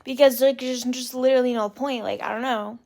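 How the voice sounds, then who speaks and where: A young woman with a high, bright-pitched voice and heavy vocal fry, ranting casually. She leans on "like" and "literally" and mocks others in an exasperated tone. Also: steady tone, a little fast. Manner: exasperated, mocking mimicry of others. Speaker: podcast host. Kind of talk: casual solo rant.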